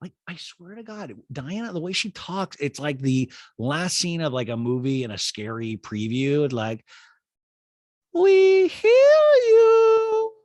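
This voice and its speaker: A man hosting a casual TV recap podcast, rambling, swearing and talking in an animated way. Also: medium pitch, normal speed, hardly any pauses, dry recording, clean studio sound. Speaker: podcast host.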